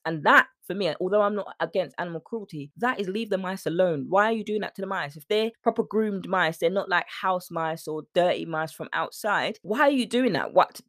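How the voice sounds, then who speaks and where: Woman coach, solo podcast, lively swooping pitch, dry close sound, chatty. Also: no echo. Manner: chatty, animated, acts out sing-song quotes. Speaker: weight-loss coach and podcast host. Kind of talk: casual solo podcast talk.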